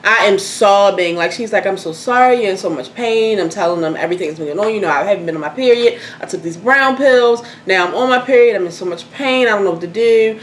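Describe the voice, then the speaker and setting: A young woman telling a personal story in casual chat, candid and animated, swearing freely. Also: medium pitch, quick pace, hardly any pauses. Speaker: host. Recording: echoey room, faint noise.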